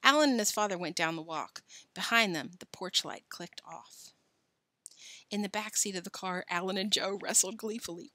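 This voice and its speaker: A woman reading a children's novel aloud in an animated, expressive way. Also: medium pitch, normal speed, no echo. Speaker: reader.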